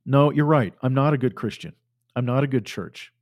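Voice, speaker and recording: A man's voice: mid-range voice, normal speed, darkish tone, muffled recording. A man preaching a fiery sermon, fervent and emphatic, repeating phrases for force.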